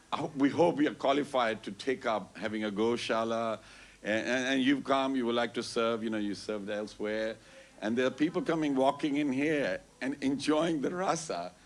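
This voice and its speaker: A man tells a story at a temple Sunday program, animated and full of "you know", quoting others back and forth. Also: mid-range voice. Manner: animated, quotes others in dialogue, frequent "you know" and "I goes". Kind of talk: casual storytelling announcement. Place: temple hall.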